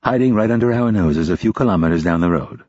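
A composed young female intelligence officer, as a male narrator puts her on. She speaks coolly and precisely, with a low, husky tone. The recording is dull and dry. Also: fast, a little mellow, dry recording, natural voice. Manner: cool, probing, businesslike.

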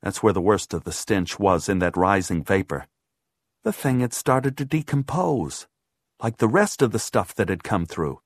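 Low-voiced guy reading a creepy audiobook, slow and measured, super dry close sound. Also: expressive, husky, no room sound. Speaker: audiobook narrator. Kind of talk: first-person horror audiobook narration.

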